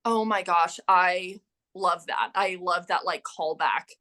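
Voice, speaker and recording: Twenties woman guest, animated storyteller, bright crisp tone, casual chat. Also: on the low side, slow. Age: 20s. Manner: animated storyteller, filler-heavy with lots of "like". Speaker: guest, renaissance fair performer.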